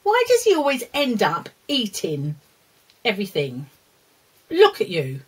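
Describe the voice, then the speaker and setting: A woman's voice: a little high, very animated, slow, slightly rough, low-quality recording. A woman presenting a children's lesson, talking fondly to a puppet and the viewers. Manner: talks fondly to a puppet dog and the children, with laughs and scolding.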